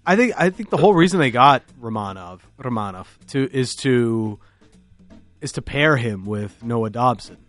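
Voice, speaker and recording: Measured man thinking aloud on a podcast. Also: mid-range voice, lively intonation, fairly bright tone, soft background music. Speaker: podcast co-host, hockey analyst. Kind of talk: casual podcast chat.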